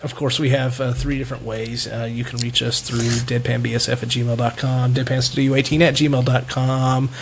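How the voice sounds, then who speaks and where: A man's voice: mid-range voice, little pitch movement, moderate pace, vocal fry, few pauses, slight background noise. A man hosting a casual podcast, rambling loosely and laughing often. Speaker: podcast host. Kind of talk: casual chat.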